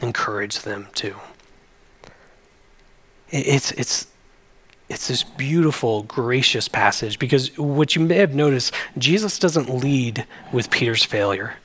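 A man's voice: medium pitch, expressive, measured pace, fairly bright tone. A man, a pastor, preaching a sermon in an earnest, conversational way.

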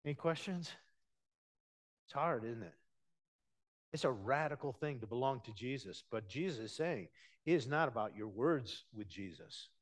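A man preaching a sermon, talking conversationally and swinging between hushed, low passages and emphatic, raised ones. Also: animated, normal speed, long pauses. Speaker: pastor.

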